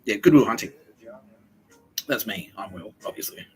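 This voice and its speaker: A man's voice: lowish voice, animated, moderate pace, a little hiss or hum, rough recording. A man in his forties hosting a podcast, rambling and joking with lots of swearing. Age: 40s. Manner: profane, jokey, rambling. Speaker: podcast host. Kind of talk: casual solo podcast monologue.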